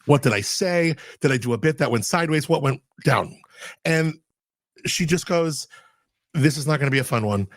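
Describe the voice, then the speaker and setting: A man hosts a relaxed podcast conversation, telling his stories in a chatty, animated way. His voice sits a little higher than most men's. It is recorded close and dry, with almost no room sound. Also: normal speed, no echo. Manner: chatty, animated storytelling with quoted dialogue. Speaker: podcast host. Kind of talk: casual podcast interview.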